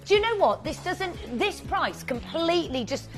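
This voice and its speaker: A woman co-presenting a live shopping broadcast, enthusing about prices in an excited sales pitch. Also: moderate pace, faint music behind. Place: TV studio.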